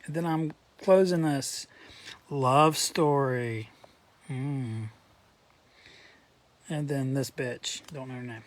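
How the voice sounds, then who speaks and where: A man's voice: fairly high pitch, normal speed, hardly any pauses, darkish tone, no room sound. A man in a casual show-and-tell vlog, rambling through his collection with crude jokes and asides, his throat a little dry. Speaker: collector vlogger.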